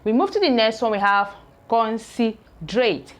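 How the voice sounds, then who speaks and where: A woman teaching English pronunciation, saying each word slowly several times, breaking it into syllables and checking in with "okay?" between explanations. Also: on the high side, big pitch swings. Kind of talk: slow spoken pronunciation lesson.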